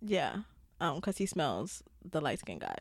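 Woman podcast co-host, lowish voice, dry close sound; agreeable, blunt, laughs often. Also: wildly swooping pitch, measured pace, gravelly, no echo. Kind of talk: casual review chat.

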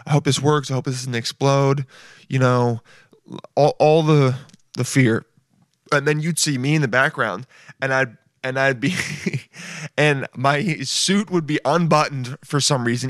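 On his podcast, a male comedian delivers a casual comedy monologue, rambling in a loose, goofy way and mocking himself. His mid-range voice sounds bright and forward, captured dry and close with no room sound at all.

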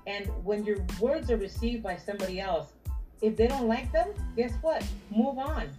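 A woman's voice: a little high, normal speed, mellow, faint music behind. A woman guest writer in a casual interview, giving encouraging advice to new writers.

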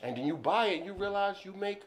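Male podcast co-host, animated storyteller, high and very expressive. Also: fast. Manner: animated storyteller, acts out scenes. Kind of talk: casual chat.

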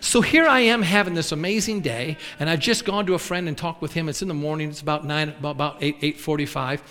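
A man preaching, telling folksy stories with lively acted quotes. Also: a little high, fast talker, big-room sound. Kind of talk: storytelling sermon.

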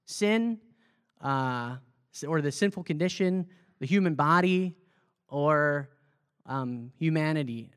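A man, a pastor, teaching a Bible study in a conversational way, asking the group questions and repeating their answers back. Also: mid-range voice. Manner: loose, with fillers and restarts. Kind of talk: interactive sermon teaching.

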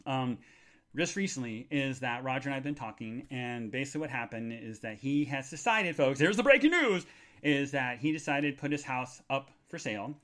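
A man hosting a live podcast, rambling with lots of fillers and restarts, excitable and bursting into joyful shouts. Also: medium pitch, brisk. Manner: excitable, shouts and squeals with joy. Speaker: podcast host.

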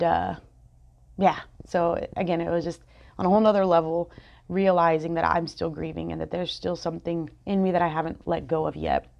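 Just after crying, a woman podcast host shares a candid, rambling personal reflection full of fillers, restarts, and self-corrections. Her voice is lowish and darkish, with vocal fry. The recording has a dull lo-fi sound.

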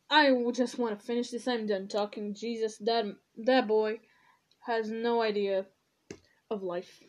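Woman, solo podcast host, slow unhurried talk, fairly high voice, outspoken and swearing. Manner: indignant, outspoken, swears often. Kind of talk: casual solo monologue.

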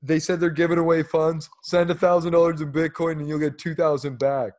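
A man's voice: a little high, flat delivery, brisk, a little mellow. A man from Canada hosting a casual chat, joking and laughing as he reacts to news clips. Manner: jokey, laughs often, sarcastic asides. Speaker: podcast host.

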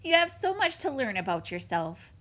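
A woman doing a tiny worried gosling boy, squeaky high and jumpy, full of nervous questions, breathy. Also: sing-song, moderate pace, a bit bright. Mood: anxious. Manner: high, eager, fretful questions. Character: young worried male gosling, anxious and curious.

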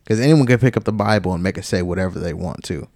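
A man's voice: low-pitched, fast, darkish tone, no room sound, studio quality. A man co-hosting a podcast, talking earnestly in a loose, casual way with many filler words. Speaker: podcast co-host. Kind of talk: casual faith discussion.

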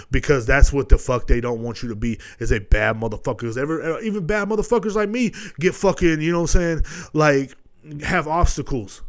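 A young man hosting a podcast, giving a profane, rambling motivational monologue, full of swearing and constant "you know what I'm saying". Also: fairly high pitch. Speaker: podcast host.

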